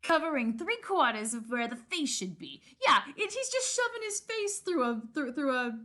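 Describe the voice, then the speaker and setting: A woman co-hosting a casual read-aloud of a novel, animated and chatty with lots of banter. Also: high voice, moderate pace. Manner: animated, giggly, many restarts. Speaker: book reading co-host.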